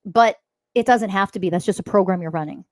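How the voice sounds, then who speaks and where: A woman's voice: medium pitch, fast talker, dry recording. A woman hosting a spiritual podcast, talking in a blunt, profane, mocking monologue. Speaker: podcast host.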